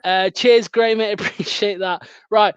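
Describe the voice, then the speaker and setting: A man's voice: sits high, fairly even intonation, measured pace, smooth, dry recording. A man hosting a fan channel's live stream in casual, chatty conversation, laughing often. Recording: dull lo-fi dry stream audio.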